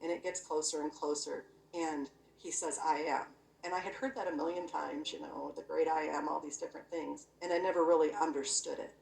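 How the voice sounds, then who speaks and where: Woman, low and gravelly, telling a personal testimony in an easy, earnest way; recorded from a distance in an echoey room. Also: fairly even intonation, a little fast, hardly any pauses, a little mellow. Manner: earnest, conversational, full of "you know" and "I'm like". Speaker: guest sharing a near-death experience. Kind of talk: personal testimony, casual storytelling.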